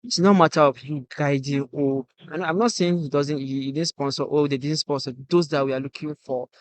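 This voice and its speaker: A man's voice: fairly high pitch, steady tone, fairly quick, no echo. A Nigerian man talking as the guest musician on a casual podcast, earnest and saying "you get" again and again.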